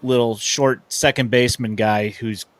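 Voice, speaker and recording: A man's voice: mid-range voice, steady tone, moderate pace, no echo. A man co-hosting a podcast, asking a question in a hesitant way with many fillers. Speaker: podcast co-host. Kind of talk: casual podcast chat.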